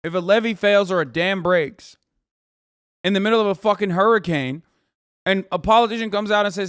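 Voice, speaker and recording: A man streaming, commenting heatedly on clips in profane casual talk that rises into shouting rants. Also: high-pitched, fairly quick, clear, resonant tone, no room sound, clean studio sound.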